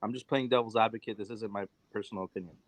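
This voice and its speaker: A man's voice: lowish voice, fairly even intonation, rapid-fire, no echo, rough recording. A man from the United States talking casually as a podcast host, loose and conversational, with many fillers and restarts.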